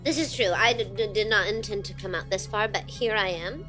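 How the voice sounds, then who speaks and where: A woman player speaks in character at a tabletop game, polite and a little hesitant. Her voice sits at an ordinary pitch, and faint music plays in the background. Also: a little fast. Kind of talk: in-character role-play.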